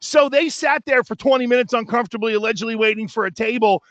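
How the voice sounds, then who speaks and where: A man's voice: very high-pitched, fast talker, fairly bright tone, dry recording, lo-fi sound. A man co-hosting a sports talk show, telling a profane, worked-up story and acting out what people said. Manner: profane, worked-up anecdote with acted-out quotes. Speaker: radio show host. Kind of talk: animated storytelling, casual chat.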